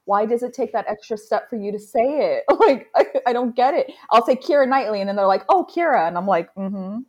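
A woman's voice: medium pitch, brisk, highs cut off. Giggly chatty woman co-host. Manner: laughs often, animated storytelling. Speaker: podcast co-host. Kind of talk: casual chat.

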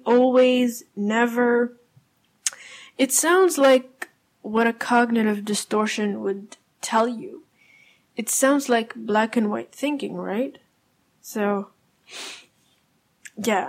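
A young adult woman hosting a casual solo podcast, explaining in a conversational way with frequent fillers and self-corrections. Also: a little high. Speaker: podcast host.

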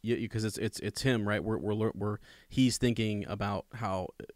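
Low-voiced man rambling through a chat. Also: steady tone, moderate pace, a little mellow, no room sound, studio quality. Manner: rambling, restarts, emphatic asides. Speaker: podcast co-host discussing a book. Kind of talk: casual chat with read-aloud passages.

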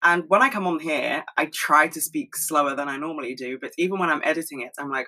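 A young woman talking fast and rambling in a casual monologue at home, swearing freely. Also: sits low, sharp tone, rough recording. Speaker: solo podcast host.

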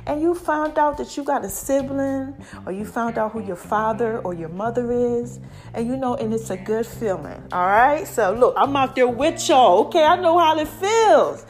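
A middle-aged woman hosting her own podcast, talking casually and animatedly with slang, laughter and shout-outs to listeners. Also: on the high side, expressive, normal speed, soft background music. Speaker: podcast host. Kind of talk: casual solo podcast monologue.

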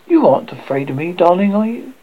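A man's voice: sits high, sing-song, fast talker, phone-quality sound. A man voicing the faint, weary ghost of a dead young wife, speaking in a hollow, pleading tone. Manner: pleading, tender.

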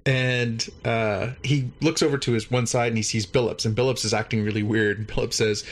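A man casually recapping a show episode, rambling and animated, with many fillers. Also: mid-range voice, a little fast, few pauses.

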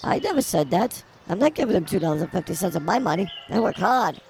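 A woman's voice: lowish voice, animated, fast, creaky, darkish tone, a little hiss or hum. A woman co-hosting an improvised comedy podcast outdoors at a zoo, rambling in silly, mock-defiant banter. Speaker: podcast co-host.

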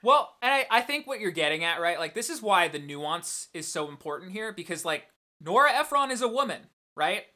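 A woman's voice: on the low side, sing-song, a little fast, few pauses, pushed and bright. A woman co-hosting a podcast, arguing her points about a film emphatically, with some swearing. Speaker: podcast co-host. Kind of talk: casual film discussion.

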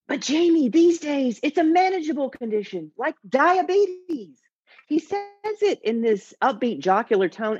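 A man's voice: on the high side, breathy edge, dry recording, highs cut off. A man storyteller telling a personal story on stage in a wry, candid way. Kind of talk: live storytelling.

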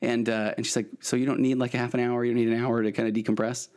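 A man's voice: mid-range voice, flat delivery, very fast, a little mellow. A middle-aged man, a therapist hosting his podcast, giving earnest advice in a rambling way with many restarts. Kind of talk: solo podcast monologue, advice.

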